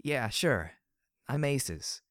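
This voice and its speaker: A man reading an audiobook, voicing a blunt, tough young female pony who speaks loudly and directly. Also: mid-range voice, big pitch swings, drawn-out words, no echo, clean studio sound, voice pushed up, exaggerated voice. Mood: gentle. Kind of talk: audiobook character voice.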